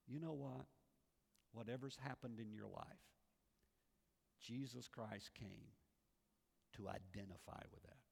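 A man's voice: mid-range voice, fairly even intonation, takes it slowly, gravelly, pauses often, husky. A man preaching a sermon as pastor, telling a story earnestly and repeating phrases for weight. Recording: reverberant hall.

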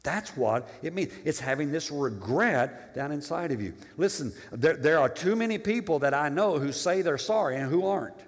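A man's voice: fairly high pitch, lively intonation, normal speed, hardly any pauses. A male pastor preaching a conversational sermon, restarting phrases and asking the congregation rhetorical questions. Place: church. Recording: long reverb of a church hall.

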